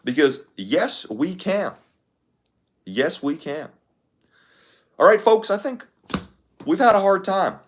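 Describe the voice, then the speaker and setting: A man putting on an impression of a famous politician, speaking with long pauses and drawn-out phrasing. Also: high-pitched, lively intonation, voice pushed up. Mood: rallying. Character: impression of a famous male politician, slow, pausing.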